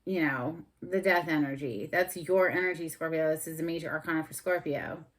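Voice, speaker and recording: A woman's voice: low voice, fairly quick. A woman giving a casual tarot reading in a blunt, sassy way, swearing and getting fired up. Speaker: tarot reader.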